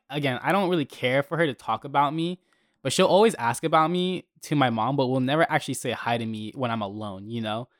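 A man's voice: mid-range voice, dry recording. Heated young man ranting, dry sound. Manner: heated, profane, animated storytelling. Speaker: podcast host. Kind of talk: casual storytelling rant.

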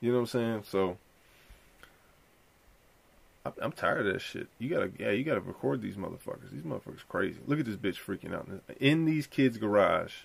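A young man with a gravelly, creaky voice hosts a podcast and riffs on video clips. His talk is loose, profane and rambling, full of laid-back storytelling. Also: on the low side, animated, a little fast. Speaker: podcast host. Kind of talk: casual commentary reacting to clips.

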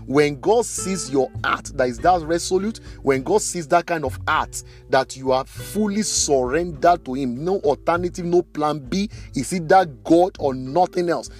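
Emphatic male preacher over soft guitar. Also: fairly high pitch. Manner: emphatic, slows down to stress key phrases. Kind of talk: sermon.

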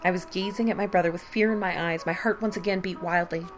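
A woman podcast host reading a Victorian ghost story aloud with measured storytelling. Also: lowish voice, fairly even intonation, soft background music.

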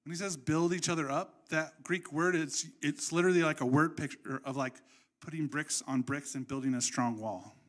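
Animated conversational male preacher. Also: a little high, normal speed. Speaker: pastor. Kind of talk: sermon.

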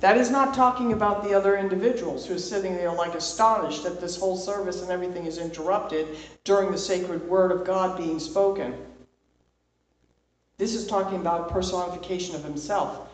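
Speaking a little fast in a fairly low voice, a woman runs an informal Bible study, chatting conversationally and often checking in with an "okay?". The room is very echoey, and she is far from the mic.

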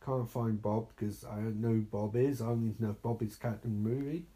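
A man's voice: fairly low pitch, steady tone, fast talker, dark tone. A man giving live reaction commentary on a horror movie, sarcastic and exasperated, swearing freely.

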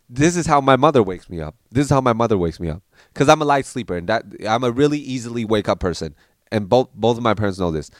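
A man telling childhood stories in a loose, animated way, slipping into the voices of his family. His pitch sits in the middle, and the recording is dry and close. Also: no echo. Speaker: podcast storyteller. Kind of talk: casual storytelling.

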